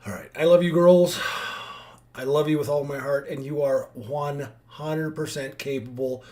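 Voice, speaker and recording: A man's voice: medium pitch, normal speed, dark tone. A man talking to his daughters in an emotional vlog monologue, heartfelt and rambling, with frequent restarts. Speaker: father addressing his daughters.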